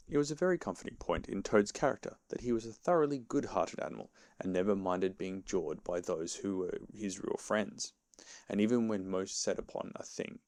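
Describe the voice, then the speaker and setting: A man reading a classic children's book aloud as a calm bedtime story for his child. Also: low voice, vocal fry, no room sound, clean studio sound.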